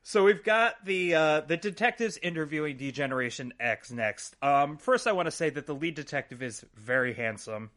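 A man with a bright, somewhat high voice, co-hosting a relaxed podcast. He moves the rundown along in a dry way and quotes others in mock voices. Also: normal speed, few pauses. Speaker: podcast co-host. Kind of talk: casual chat.

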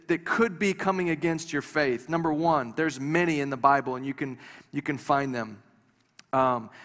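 In a church hall full of long reverb, a male pastor preaches in a high-pitched, somewhat bright voice. He keeps a conversational, lightly humorous tone and often repeats his words as he restarts.

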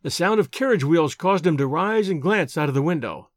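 A man narrates an audiobook with an expressive, animated storytelling delivery. His voice sits fairly high and the recording is dry and close. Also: fairly quick, no echo. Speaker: audiobook reader. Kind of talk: scripted narration.

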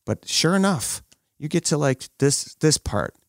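A man in his thirties chatting on a podcast, telling jokey stories about his kids with lively put-on quotes. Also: on the high side, unhurried, dry recording, clean studio sound. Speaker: podcast co-host. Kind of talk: casual chat.

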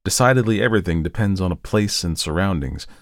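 A man reading a first-person story aloud with measured, steady narration. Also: low voice, no room sound, studio quality. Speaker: audiobook narrator.

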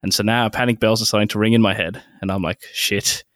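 Young aussie guy yarning fast on a podcast, dry sound, laughs a lot. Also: on the low side, dry recording. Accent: Australian. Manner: animated, laughing, crude jokes. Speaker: podcast co-host. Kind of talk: casual banter storytelling.

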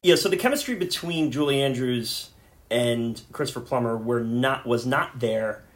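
A man co-hosting a casual movie podcast, talking animatedly and jumping into loud mimicking voices. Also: mid-range voice, normal speed. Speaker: podcast co-host. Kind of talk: casual chat.

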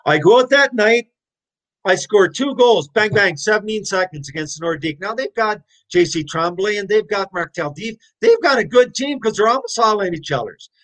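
A man in his sixties telling his stories as an interview guest, animated, blunt and profane. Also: sits high, moderate pace. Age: 60s. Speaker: interview guest, former hockey player. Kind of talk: casual storytelling.

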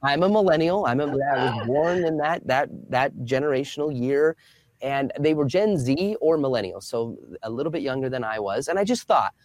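A man in his thirties, a guest on an interview, telling a story in a lively way and acting out the people he quotes. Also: medium pitch, normal speed, dry recording. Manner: animated storyteller, acts out quoted voices.

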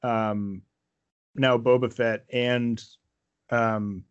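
A man's voice: medium pitch, flat delivery, extremely slow, clear, resonant tone, dull audio. A man co-hosting a fan podcast, chatting casually and circling back over his thoughts with playful asides. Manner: rambling, restarts thoughts, playful quips. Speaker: podcast co-host.

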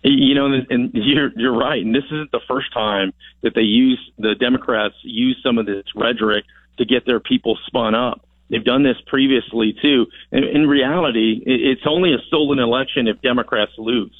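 A man speaks over a thin telephone line with no room sound at all. He answers with emphatic, rallying conviction, pressing his points by repeating words. His pitch sits in an ordinary middle range. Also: steady tone, moderate pace, dry recording. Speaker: congressman as phone-in guest. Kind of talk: radio interview answers. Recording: dry tinny phone line.

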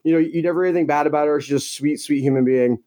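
A man's voice: fairly high pitch, fairly even intonation, rapid-fire, warm tone. A man who is a guest filmmaker in a casual chat, easygoing and hesitant.

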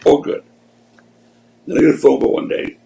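A former wrestling promoter appears as a guest in a casual interview, spinning rambling, conversational anecdotes. He speaks at a moderate pace with a warm tone, though the audio quality is poor.

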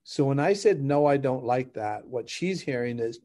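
A middle-aged man, a podcast guest who coaches couples, telling stories in lively conversation, laughing and acting out dialogue as he explains. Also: medium pitch, normal speed. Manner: animated, laughs while explaining, acts out dialogue. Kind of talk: conversational storytelling.

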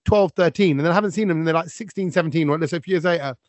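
A middle-aged British Asian man with a London accent talks quickly in a high register, hosting a casual podcast. He is animated and slips into impressions of others. The sound is dry and close. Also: dry recording. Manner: fast, animated, mimics voices. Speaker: podcast host.

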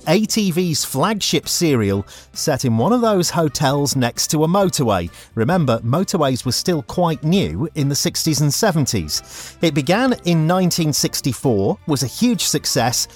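A man's voice: fairly high pitch, very animated, moderate pace, slightly rough, soft background music. A male presenter reading a scripted, theatrical introduction to a nostalgia programme. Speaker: radio presenter. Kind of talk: scripted narration.

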